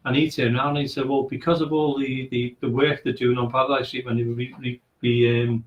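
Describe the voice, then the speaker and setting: A man's voice: mid-range voice, little pitch movement, a little fast, dull audio. A man, a guest on a radio show, telling a ghost story in a rambling way and acting out what each person said. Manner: acts out quoted dialogue, rambling. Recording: echoey room.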